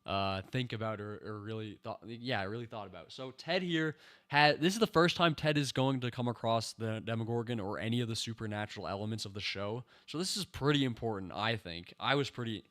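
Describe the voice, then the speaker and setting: A man giving a casual TV review, ranting in an exasperated, animated way with slang, talking into a personal microphone. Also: on the low side, a little fast. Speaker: show reviewer.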